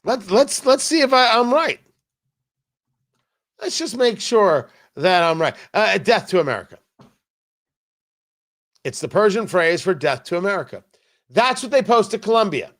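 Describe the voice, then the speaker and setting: A man's voice: high-pitched, animated, a little slow, long pauses, a bit bright. A man hosting a political commentary show, delivering a combative, sarcastic opinion monologue with emphatic repetition.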